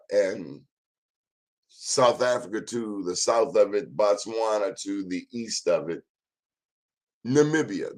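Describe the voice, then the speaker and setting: A man in his fifties hosting an informal history talk, emphatic and repetitive, urging listeners to check the facts themselves. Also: lowish voice. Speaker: host.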